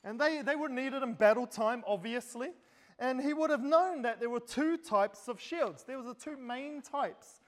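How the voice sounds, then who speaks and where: A man preaching a sermon, speaking straight to the congregation and posing rhetorical questions. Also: very high voice. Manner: addresses listeners directly with rhetorical questions. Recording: long hall reverb.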